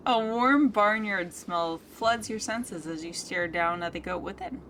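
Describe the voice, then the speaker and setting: A woman's voice: mid-range voice, unhurried, hardly any pauses, fairly bright tone, slight background noise. A woman streaming a story game, reading narration aloud and fretting in muttered asides. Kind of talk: let's play commentary and narration reading.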